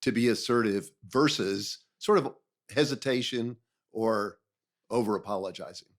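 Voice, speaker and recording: A man's voice: fairly low pitch, moderate pace. A man co-hosting a podcast, asking a guest questions in an easygoing, affirming way. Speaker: podcast co-host.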